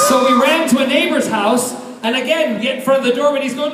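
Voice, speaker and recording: A man telling a comic story at a convention panel, theatrical and loud, often laughing. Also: very high voice, fast, few pauses, very noisy. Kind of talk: live storytelling on stage. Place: large convention hall. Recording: echoey hall, far mic, loud crowd.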